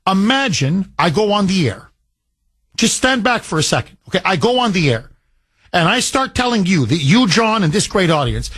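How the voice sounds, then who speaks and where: Impassioned high-voiced male radio host. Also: very animated, normal speed, a bit bright, husky, no room sound. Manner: impassioned, argumentative, acts out imagined dialogues. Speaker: radio talk show host. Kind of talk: opinionated call-in radio talk.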